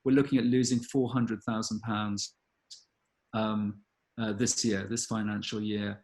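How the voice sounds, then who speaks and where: A man, a gallery director answering audience questions in an earnest, thoughtful way with many pauses and ums. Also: on the low side, level tone, a little mellow. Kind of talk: live online Q&A talk.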